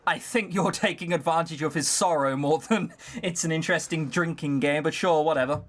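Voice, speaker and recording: A man's voice: a little high, normal speed. A man casually reading a visual novel aloud and breaking off into sarcastic, swearing commentary.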